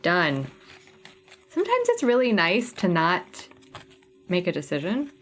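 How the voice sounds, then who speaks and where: Unhurried and lowish, her voice swings hugely in pitch. She hosts a casual cross-stitch livestream, chatting away and thinking out loud as she organizes her flosses.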